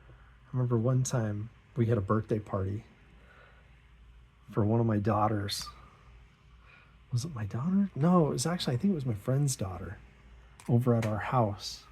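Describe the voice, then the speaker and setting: A middle-aged man hosting an art channel, chatting in a relaxed, rambling, self-deprecating way while he draws, often chuckling and acting out what others said in a higher voice. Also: slight background noise. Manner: acts out quoted remarks in a higher voice. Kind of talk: relaxed chat while drawing.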